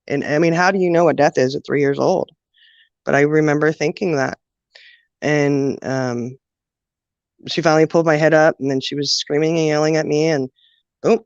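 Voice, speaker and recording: Woman guest, personal story, halting and emotional, muffled dry recording. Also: low voice, dry recording. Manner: halting, emotional recollection with many fillers. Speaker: guest sharing childhood story. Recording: dull, dry lo-fi sound.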